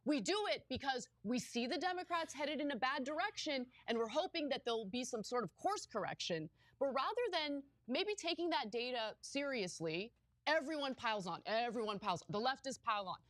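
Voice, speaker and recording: A woman co-hosts a political talk show in a high voice. She makes firm, pointed arguments and repeats key phrases for emphasis. The sound is dry and close. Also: sing-song, a little fast, hardly any pauses, fairly bright tone, no echo. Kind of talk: political commentary.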